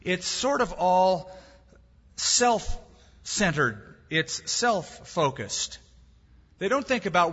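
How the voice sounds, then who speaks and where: Male preacher, emphatic sermon delivery, bright and slightly husky, recorded in a reverberant hall on dull lo-fi audio. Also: high-pitched, very animated, very slow, pauses often. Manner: emphatic, with rhetorical questions and biblical quotes.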